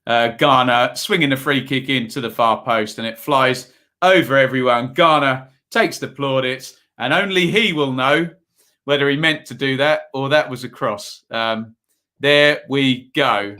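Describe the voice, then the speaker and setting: A man's voice: medium pitch, normal speed, pushed and bright. A man from Ipswich hosting a casual football livestream, chatting with viewers and calling scores in a rambling way full of ums. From Ipswich, England. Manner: chatty, rambling, reads chat aloud, many ums. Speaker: livestream host. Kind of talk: casual live football commentary and chat.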